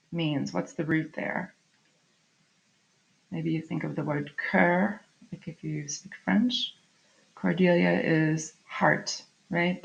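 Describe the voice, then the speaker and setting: A woman's voice: fairly low pitch, gravelly, sharp tone. A middle-aged woman teacher giving a recorded online literature lesson, explaining in a chatty way and often checking in with "right?". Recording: slightly dull lo-fi audio.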